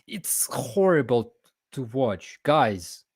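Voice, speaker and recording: A man voicing an exasperated male passerby who scolds a vlogger in a high, drawn-out squeak. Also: very animated, darkish tone, husky, dry recording, studio quality, exaggerated voice. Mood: indignant.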